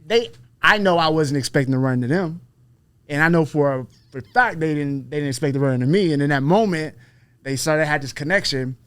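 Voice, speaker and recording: Animated, profane man telling a story. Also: on the high side, a little fast, clean tone, no echo. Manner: profane, animated, acts out the voices he quotes. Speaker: podcast guest, fighter. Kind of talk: casual storytelling.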